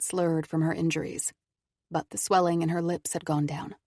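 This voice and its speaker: A woman narrating an audiobook in an even, measured way. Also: low voice, dry recording, studio quality. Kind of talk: scripted narration.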